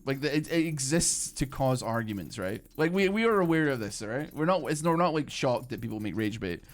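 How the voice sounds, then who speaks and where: With lively intonation and a fairly quick pace, a young British man in a mid-range voice chats with viewers while streaming a game. He rambles, leans heavily on fillers, and keeps restarting mid-thought. Faint game music can be heard.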